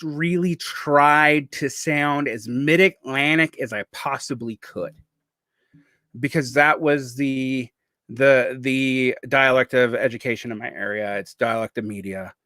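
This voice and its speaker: Vlogger, man around 40, faint Southern US accent, r/l/w speech impediment, slightly high voice, dry close sound. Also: pushed and bright, no room sound. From Southern United States. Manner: rambling and digressive, with many restarts. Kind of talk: casual monologue.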